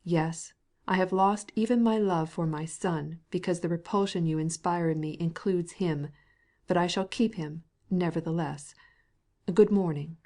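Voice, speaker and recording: Woman reading a stiff angry husband, piping voice, stammers when upset, kinda low and mellow overall. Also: a little slow. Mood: cold. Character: cold, angry husband, middle-aged man, piping voice.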